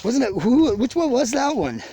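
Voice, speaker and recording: A man's voice: extremely high pitch, very animated, moderate pace, warm tone, slight background noise. A man on a profane drunken rant, swearing constantly and rambling angrily to the camera of his own video channel. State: drinking, tipsy. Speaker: vlogger ranting to his channel. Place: outdoors in the country near a garage.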